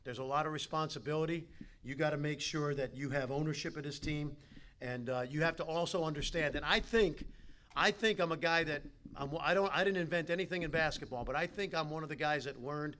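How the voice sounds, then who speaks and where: New guy fired up, telling stories at a banquet, a bit higher voice, faint hiss behind. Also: brisk. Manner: animated storyteller, talks straight to the players. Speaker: keynote speaker. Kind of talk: motivational dinner speech. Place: banquet hall.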